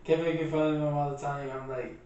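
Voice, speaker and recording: A man's voice: on the high side, flat delivery, quick pace, darkish tone, distant mic, lo-fi sound, slight background noise. Laid-back slangy man in an echoey room. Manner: laid-back slangy, says "bro" a lot. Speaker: podcast co-host. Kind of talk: casual movie review chat.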